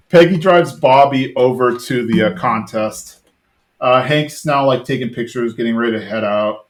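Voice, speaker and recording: A man's voice: mid-range voice, normal speed. A man hosting a podcast, casually retelling a cartoon episode in a rambling way, full of fillers, briefly mimicking the characters' lines. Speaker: podcast host.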